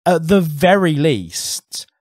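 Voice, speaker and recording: A man's voice: on the high side, sing-song, slow, a little mellow, dry recording, clean studio sound. A man co-hosting a casual podcast, articulate and literary, sliding into heated, swearing rants. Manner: heated ranting with frequent swearing; articulate, literary turns of phrase. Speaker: podcast co-host.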